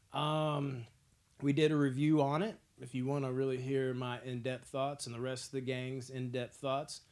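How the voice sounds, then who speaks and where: A young man hosting a movie podcast, ranking films in a casual, profane, excitable way. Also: medium pitch. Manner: profane, excitable storytelling with frequent laughs.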